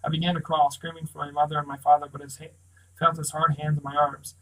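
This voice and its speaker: A man reads a novel aloud in first person, keeping his narration steady. His melody hardly moves, and his voice sits slightly high for a man. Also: fast, low-quality recording. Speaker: audiobook reader.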